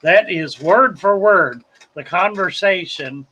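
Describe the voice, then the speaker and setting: A man hosting a casual livestream, talking slowly with wry, sarcastic asides. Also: high voice, bright, forceful tone, highs cut off, slight background noise. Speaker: livestream host.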